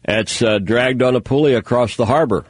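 A man's voice: medium pitch, normal speed, no room sound. A man hosting a talk show, rambling through news stories with sarcastic, mocking asides. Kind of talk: casual news commentary monologue.

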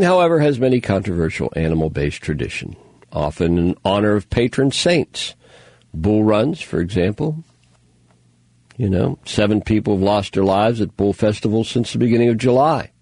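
A man's voice: deep voice, expressive, normal speed, darkish tone, dry recording. A man hosting a talk show, rambling through news stories with sarcastic, mocking asides. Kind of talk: casual news commentary monologue.

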